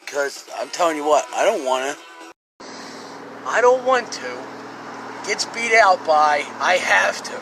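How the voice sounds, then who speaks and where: A man's voice: on the high side, sing-song, measured pace, pauses often, bright, forceful tone, slight background noise, rough recording. A man in his forties with a Philadelphia accent, rambling and joking to his phone camera from his truck. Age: 40s. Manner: joking, rambling, self-mocking. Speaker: vlogger, scrap-metal worker. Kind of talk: casual vlog monologue.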